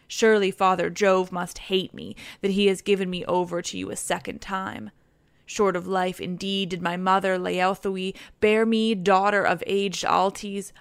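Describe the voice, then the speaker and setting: A woman's voice: medium pitch, clear, resonant tone, no echo, natural voice. A woman reading the pleas of a desperate young male prince begging a warrior to spare his life. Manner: pleading.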